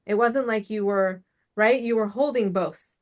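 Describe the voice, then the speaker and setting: A woman's voice: mid-range voice, a little slow, a little mellow. A young adult woman hosting an interview, talking casually and filling her speech with "like" and "you know.". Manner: chatty, many "like" and "you know" fillers. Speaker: podcast host, suicide prevention educator.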